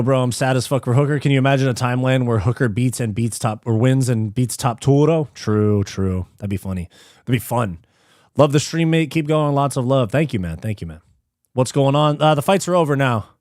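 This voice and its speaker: A man hosting a live stream, chatting casually, reading viewer messages aloud and thanking them, relaxed and slangy, swearing freely. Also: medium pitch, a little fast, no echo, clean studio sound.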